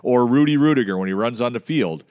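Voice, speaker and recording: A middle-aged man hosting a casual podcast chat, telling stories with lively mimicry of people yelling. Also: fast, clear, resonant tone. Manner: animated storyteller, mimics yelling in a much higher voice.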